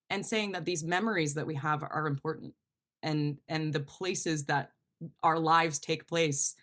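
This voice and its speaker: A young woman from New Jersey, a climate educator speaking earnestly in an interview, lively when quoting others. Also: fairly low pitch. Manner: earnest, animated storytelling with quoted asides. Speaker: guest, climate educator and show host. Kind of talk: conversational interview.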